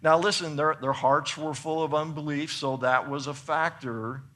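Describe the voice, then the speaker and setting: A man preaching a sermon, reading scripture and explaining it earnestly, building to excited emphasis and then dropping soft for points. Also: a little high, normal speed. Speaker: pastor.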